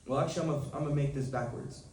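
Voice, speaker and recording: A man's voice: medium pitch, steady tone, a little mellow. A man teaching a class in a casual, conversational way, often asking his students questions. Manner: conversational, asks the class questions, switches to rapid text reading. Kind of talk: classroom lesson. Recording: echoey room, mic at a distance.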